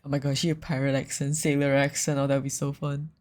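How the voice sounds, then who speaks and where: A woman streamer chatting casually and excitably during a game stream. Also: extremely low pitch, fast.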